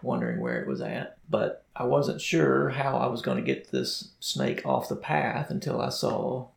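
Guy with a really gravelly voice, chatty and playful, bouncing all over in pitch, echoey room. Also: wildly swooping pitch, moderate pace. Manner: storytelling, playful. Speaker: podcast co-host. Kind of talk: casual chat.

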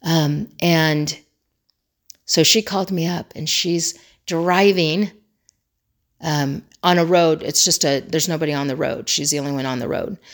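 A woman's voice: sits low, fairly even intonation, measured pace. A woman who trains people in crisis communication gives a motivational teaching talk, earnestly repeating her key phrases for emphasis.

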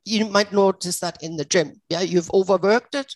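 A woman's voice: medium pitch, moderate pace, darkish tone, dry recording. A woman practitioner explaining her method as an interview guest, reassuring and passionate.

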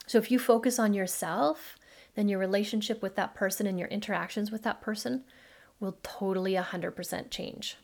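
A middle-aged woman hosting a podcast, telling a personal story in an earnest, animated way and acting out dialogue. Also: medium pitch, a little fast, gravelly. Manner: addresses listeners as mamas. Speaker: podcast host, midlife coach. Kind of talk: casual monologue podcast.

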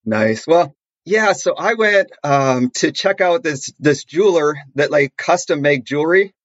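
A man co-hosting a podcast in casual chat, telling stories with lively acted-out dialogue. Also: fairly high pitch, measured pace, dry recording, muffled recording. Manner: animated storyteller, acts out quoted dialogue. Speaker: podcast co-host.

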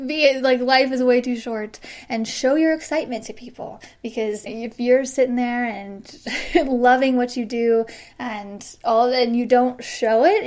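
Upbeat woman host in her thirties, chatty solo podcast, laughs easily. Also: on the high side. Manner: bubbly, laughs often, acts out quoted excited voices. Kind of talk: casual solo podcast monologue.

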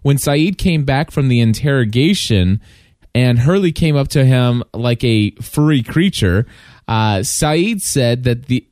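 A man's voice: medium pitch, darkish tone, no room sound, clean studio sound. A man co-hosting a podcast, chatting in an upbeat, friendly way. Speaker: podcast co-host. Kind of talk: casual podcast chat.

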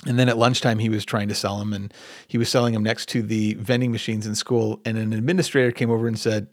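A man's voice: on the low side, flat delivery, quick pace, no room sound, clean studio sound. A man hosting a podcast, telling a long personal story in a casual, rambling way and often correcting himself as he goes. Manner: conversational, rambling with self-corrections. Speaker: podcast host. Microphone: podcast microphone at computer.

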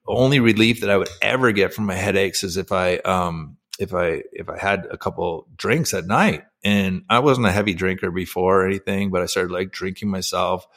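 Earnest middle-aged man, lowish voice. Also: a little fast, hardly any pauses, a bit bright. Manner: earnest, emotional, many fillers and restarts. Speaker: podcast guest, former pro hockey player. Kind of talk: candid personal storytelling.

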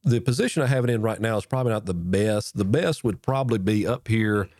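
This podcast host talks fast in a casual instructional piece to camera on mic technique, leaning into a foam-covered boom-arm microphone. He comes across folksy, repeating and restarting lines as he demonstrates. There's no room sound, and his tone is darkish.

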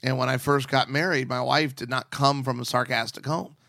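Middle-aged guy podcast host, gravelly edge, bright forward tone, sarcastic storyteller. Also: mid-range voice, steady tone, brisk, no echo, studio quality. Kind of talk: casual chat.

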